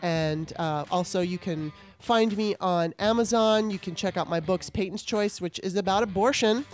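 A woman's voice: mid-range voice, normal speed, soft background music. A woman podcast host and author, wrapping up an interview and talking to her listeners in a chatty, earnest way. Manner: chatty, earnest, laughs often. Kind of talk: casual interview and solo wrap-up.

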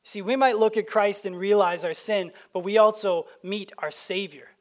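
High-voiced male pastor preaching. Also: fairly even intonation, normal speed, slight background noise. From Canada. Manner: conversational, anecdotal preaching with frequent restarts. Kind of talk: sermon. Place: church sanctuary.

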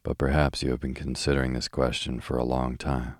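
A man reading the lines of a courteous, suave hotel owner, polite and deferential, in a calm audiobook style. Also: extremely low pitch, fairly quick, no echo, studio quality.

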